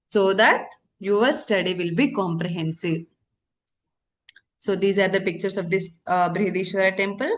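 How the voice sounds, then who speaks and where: Repetitive woman teacher. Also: mid-range voice. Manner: repeats key terms, asks and answers own questions. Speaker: exam coaching teacher. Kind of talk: current affairs lecture.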